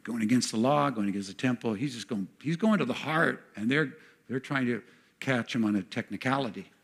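A man preaching a sermon in an animated way, acting out the voices of the people he quotes. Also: medium pitch, a little fast, vocal fry, slightly rough. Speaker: pastor.

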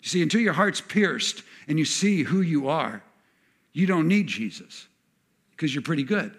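A man preaching a sermon in an animated way, acting out the voices of the people he quotes. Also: fairly high pitch, normal speed, slightly rough. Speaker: pastor.

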